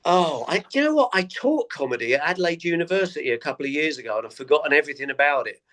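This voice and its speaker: A man's voice: a little high, quick pace. Chatty male comedian telling tour stories. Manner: animated anecdotes, acts out quoted voices. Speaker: comedian guest. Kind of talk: casual interview storytelling.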